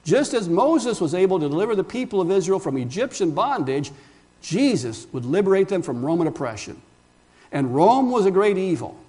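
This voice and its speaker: A male pastor preaches emphatically in a high, sing-song, mellow voice at a moderate pace. He poses rhetorical questions and calls the congregation his friends.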